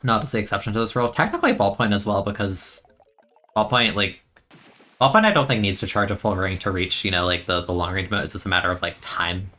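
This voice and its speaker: A man's voice: on the low side, expressive, fast talker, bright, forceful tone. A young man streaming a video game, chatting in a rambling, easygoing way and laughing often. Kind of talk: casual gameplay commentary.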